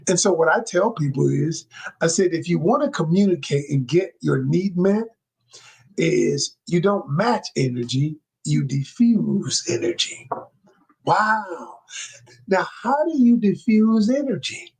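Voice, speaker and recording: A high, husky male voice that swings widely as he coaches a live-stream audience. He drives his points home by repeating them and calling his viewers y'all, like a preacher. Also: animated, a little slow. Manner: emphatic, repetitive, preacher-like delivery addressing viewers as y'all. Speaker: communication coach. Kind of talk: live-stream teaching talk. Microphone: live-stream microphone.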